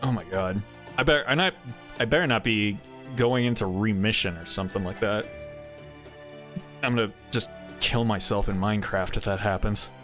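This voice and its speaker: A man's voice: fairly low pitch, moderate pace, a bit bright, soft background music. A man streaming a story game, rambling casually and swearing freely. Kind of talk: casual gaming stream chat.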